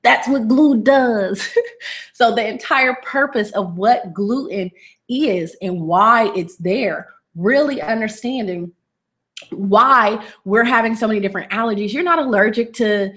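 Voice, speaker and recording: Lively woman wellness coach, playful and emphatic, teaching a webinar. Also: mid-range voice, measured pace. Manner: animated, playful, repetitive. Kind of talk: webinar lesson.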